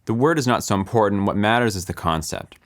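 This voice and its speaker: A man teaching music production, explaining calmly with the odd um and counting beats aloud softly. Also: fairly low pitch, quick pace. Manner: explains calmly with filler ums. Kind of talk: relaxed screen-recorded lesson.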